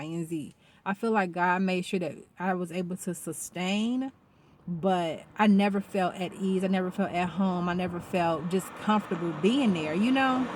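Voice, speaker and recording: A woman talking casually in a vlog, rambling and animated and swearing freely. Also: mid-range voice, slight background noise. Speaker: vlogger. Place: outdoors.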